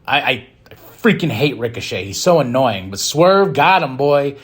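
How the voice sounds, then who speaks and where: A man hosting a podcast, giving a casual, excitable and rambling recap of a wrestling show, often breaking into laughs. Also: medium pitch, normal speed, slightly rough. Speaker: podcast host.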